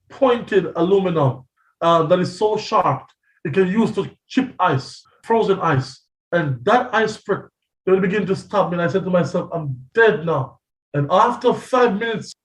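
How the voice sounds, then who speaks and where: Dramatic high-voiced pastor, echoey distant mic. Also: male voice. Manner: dramatic storytelling, acting out quoted voices. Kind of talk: testimony sermon.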